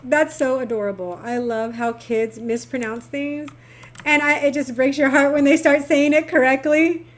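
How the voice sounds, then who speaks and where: A woman's voice: high-pitched, normal speed. A middle-aged woman streaming a game, chatting casually and affectionately with her viewers. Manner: chatty, animated, talks to chat affectionately. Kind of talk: casual chat while gaming.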